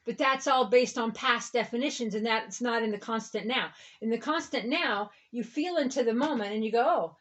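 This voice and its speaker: A woman's voice: on the high side, normal speed, few pauses, fairly bright tone. A woman reverend giving a rambling spiritual talk in a conversational way, often checking in with "okay?" and "right?". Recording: dull lo-fi recording.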